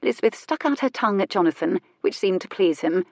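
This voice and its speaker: A woman narrating a romance audiobook in a measured, even storytelling manner. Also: mid-range voice, vocal fry, no room sound.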